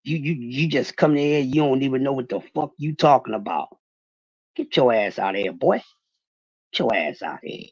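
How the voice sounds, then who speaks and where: Man with a husky, lively voice. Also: medium pitch, moderate pace, dry recording, muffled recording. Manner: profane, animated, talking back to chat. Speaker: livestream host. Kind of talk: casual livestream boxing rant.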